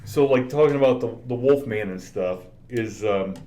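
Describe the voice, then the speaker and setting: Animated man telling anecdotes. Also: mid-range voice, moderate pace. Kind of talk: casual podcast chat.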